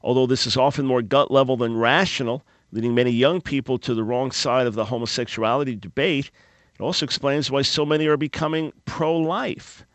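A man's voice: mid-range voice, steady tone, brisk, dry recording. Male radio host, earnest preachy delivery, repeats words, dry close studio mic. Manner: earnest, pleading, with small stumbles and repeated words. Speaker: radio talk show host. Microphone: studio microphone.

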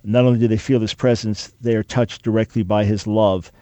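A man's voice: on the low side, level tone, brisk, warm tone, no echo. A man hosting a live talk radio show, speaking with an earnest, emphatic, preacher-like cadence. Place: radio studio. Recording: dry studio mic.

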